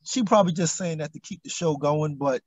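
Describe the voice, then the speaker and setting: A man's voice: a little high, a little fast, dry recording. A man co-hosting a casual review chat, blunt and teasing. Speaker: co-host reviewing a reality show.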